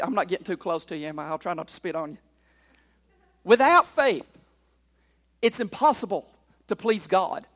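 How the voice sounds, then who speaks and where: A pastor preaching a sermon in a church, drawing call-and-response from the congregation and swinging between loud declarations and quiet asides. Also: male voice, high-pitched, long reverb tail. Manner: call-and-response preaching, frequent "right?" and "amen?".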